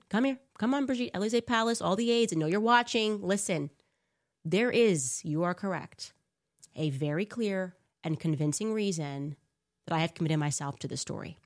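Sarcastic woman commentator. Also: lowish voice. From United States. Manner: sarcastic, mocking, rapid rhetorical questions. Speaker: commentary show host. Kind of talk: casual commentary monologue.

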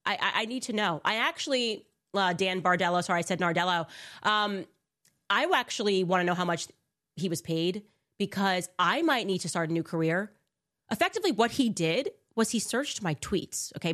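A woman's voice: mid-range voice, a bit bright. A woman hosting a commentary show, talking in a sarcastic, mocking way and firing off rhetorical questions. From United States. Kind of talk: casual commentary monologue.

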